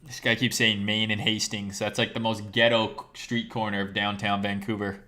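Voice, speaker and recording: A man with a worn, hoarse voice, a crypto trading streamer talking to his viewers in a blunt, casual live-stream rant, swearing freely and often tagging "right?" onto what he says. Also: on the low side, flat delivery, normal speed, bright, forceful tone. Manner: blunt, profane, repeats "right?". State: losing his voice.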